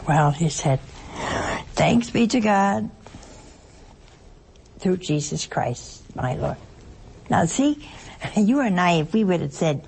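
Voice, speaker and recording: A woman's voice: fairly low pitch, expressive, slow pace, vocal fry, pauses often, a little mellow, slight background noise. An older woman, a nun, giving a folksy, playful spiritual talk on a call-in television program in a studio, chuckling often between points.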